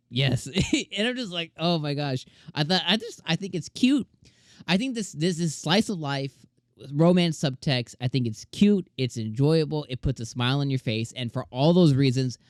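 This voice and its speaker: Young man, casual anime reviewer, animated, slangy, fillers, slightly high pitch, dry close mic. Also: no room sound.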